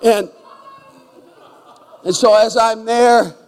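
A male pastor preaching a story in a church sanctuary, his voice sitting a little high for a man. He talks in animated swings between loud bursts and soft asides and repeats words as he goes. A long hall reverb trails behind him. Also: very slow, clear, resonant tone, some chatter behind. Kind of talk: storytelling sermon.

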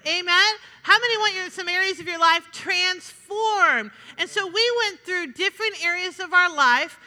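A woman pastor preaching a sermon in a lively, chatty way, with asides to the congregation. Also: very high-pitched. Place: church sanctuary. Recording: reverberant church sanctuary.

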